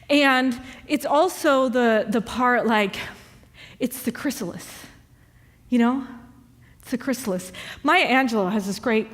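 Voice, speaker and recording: Animated high-voiced woman minister, hall reverb. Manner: animated storyteller. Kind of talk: sermon. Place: church hall.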